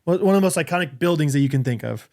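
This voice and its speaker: A man's voice: a little high, lively intonation, racing, a little mellow. A man co-hosting a podcast, running a casual quiz with lots of laughter and hesitant filler words. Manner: giggly, hesitant, lots of ums. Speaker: podcast co-host.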